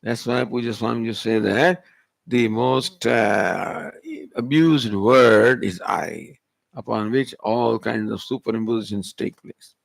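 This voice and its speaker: A man's voice: medium pitch, slow pace, vocal fry, no echo. A male spiritual teacher, giving a Vedanta discourse and pressing the listener with rhetorical questions. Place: retreat hall.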